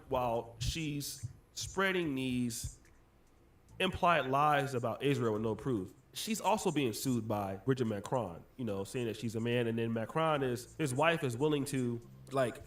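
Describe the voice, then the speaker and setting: A man in explanatory commentary, walking listeners through a story step by step. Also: medium pitch.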